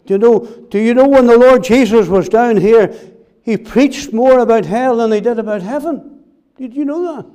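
A man's voice: very high-pitched, normal speed, warm tone, smooth. A man preaching a sermon in an earnest way, repeating key phrases and putting direct questions to his listeners.

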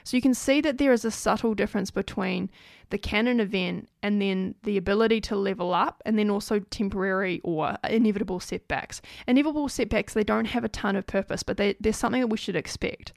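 A woman's voice: mid-range voice, quick pace, vocal fry, dry recording, studio quality. A woman host telling a personal story in an earnest, chatty way, often saying "like".

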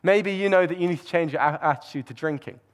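A man's voice: a little high, fast. Earnest man preaching a sermon. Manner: earnest, reflective, with fillers and restarts.

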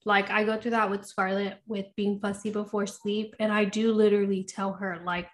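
Chatty young mom, laughing often. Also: female voice, medium pitch, flat delivery, moderate pace. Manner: chatty, laughs often, lots of "you know". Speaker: podcast co-host. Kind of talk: casual chat.

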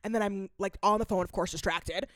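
A woman's voice: mid-range voice, steady tone, brisk, dry recording, studio quality. A young woman co-hosting a podcast, who is sick, tells a rambling, self-mocking story in casual chat with lots of fillers. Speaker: podcast co-host.

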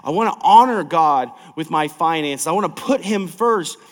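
A man preaching a sermon as pastor of a large church, emphatic and energetic, swinging from loud to soft. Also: on the high side, normal speed, in a large hall.

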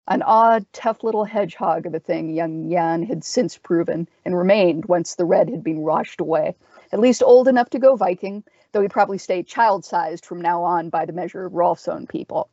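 A woman reading a dark fantasy story aloud, in a measured, expressive narration. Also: on the low side, no room sound. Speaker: story reader. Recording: dull dry lo-fi sound.

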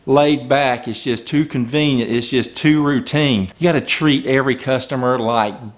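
A man's voice: medium pitch, normal speed, few pauses. A man coaching small business owners, talking emphatically and firing off rhetorical questions from the customer's point of view. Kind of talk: business advice talk.

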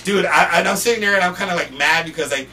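A young man from Portland, a podcast guest, telling loose, profane stories in casual chat and shouting when he quotes people. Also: sits high, fast talker. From Portland, Oregon. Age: young adult. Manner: loose, profane, animated storyteller who often shouts when quoting people. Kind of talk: casual storytelling. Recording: distant mic with faint noise.

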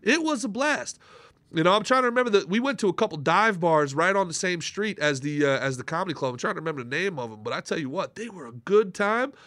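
A man with a bright, slightly raised voice hosts a casual podcast from a dry studio. He wanders through his stories with fillers and restarts, then lands his points with emphasis. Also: sits high, lively intonation, fast, no room sound. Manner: rambling, hesitant, with many restarts, then emphatic. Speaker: podcast host.

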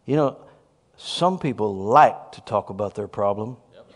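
A man preaching a sermon, telling a story and bursting into shouts of praise. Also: fairly low pitch, animated, measured pace.

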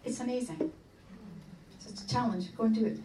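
A woman's voice: on the high side, brisk. A woman co-leading a marriage course, talking informally to a group of couples, hesitant and full of fillers and restarts. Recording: roomy hall, distant mic, background noise.

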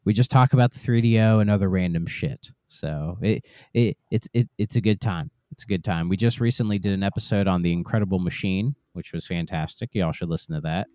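A man introducing himself as a podcast guest, easygoing and relaxed with frequent restarts. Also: low-pitched, a little fast, hardly any pauses, dry recording, clean studio sound. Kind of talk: casual podcast chat.

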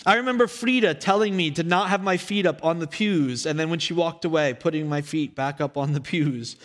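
A young male pastor giving a sermon in his church, telling stories from his childhood in a lively storytelling manner. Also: on the high side, a little fast. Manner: storytelling, animated, acts out his younger self in quotes. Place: church sanctuary. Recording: echoey hall.

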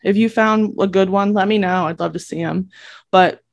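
A woman's voice: medium pitch, steady tone, moderate pace, gravelly. A young adult woman hosting her own podcast, talking emphatically and bluntly in an impassioned solo monologue, swearing freely. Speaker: podcast host and reiki practitioner.

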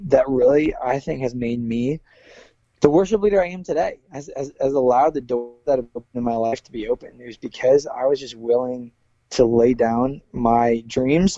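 A man's voice: mid-range voice, warm tone, no room sound, muffled recording. A man who is a worship leader, speaking earnestly in a casual interview, with many fillers and restarts.

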